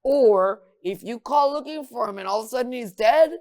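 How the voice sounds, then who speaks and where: A woman's voice: on the high side, moderate pace, a little mellow. A middle-aged woman hosting a casual chat, firing blunt, teasing questions at her guest. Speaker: host.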